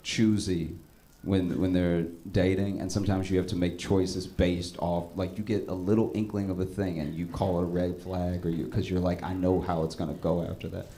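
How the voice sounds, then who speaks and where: Low-voiced man doing stand-up. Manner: animated storytelling, voice jumps high for punchlines. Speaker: stand-up comedian. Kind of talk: stand-up comedy set. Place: comedy club stage with audience laughter.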